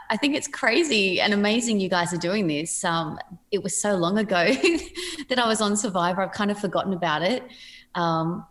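Casting note: woman, 40s, chatty interview guest, animated storyteller with laughs. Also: on the low side. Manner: chatty, laughing, lively quoted voices. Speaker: podcast guest.

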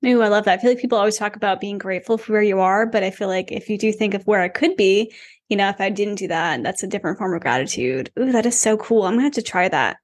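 A woman's voice: medium pitch, fast talker. A woman hosting a podcast interview, chatty and enthusiastic. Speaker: podcast host.

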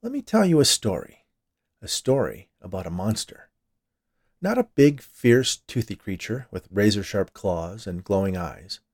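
Brief: male podcast storyteller, lower voice, expressive scripted narration. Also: a little slow.

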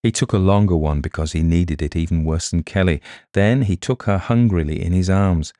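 A man narrating a mystery novel in a steady, measured reading. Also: low-pitched, dry recording, clean studio sound. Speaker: audiobook narrator. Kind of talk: scripted narration.

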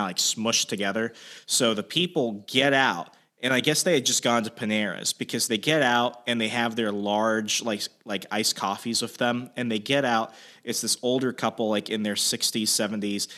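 A man hosting a casual chat, telling a story with lots of swearing and shouted quotes. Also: on the low side. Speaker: host.

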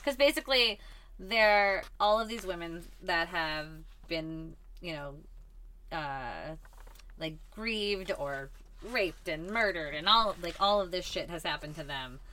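A woman's voice: on the low side, animated, slow pace, sharp tone. A young woman co-hosting a podcast in a comic store, chatting casually, agreeing often and swearing freely. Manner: agreeable, frequent backchannels and laughs, casual swearing. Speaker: podcast co-host. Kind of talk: casual chat.

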